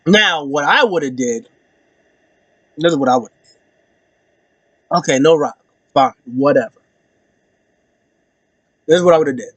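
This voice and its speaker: A young man recapping wrestling in a loose, slangy vlog style. His voice sits a little high, and he breaks into pitched-up imitations of the wrestlers. The sound is dry and close, with no room around it. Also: expressive, takes it slowly, long pauses, fairly bright tone, slightly rough, no echo. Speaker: wrestling show reviewer. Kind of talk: casual opinion vlog.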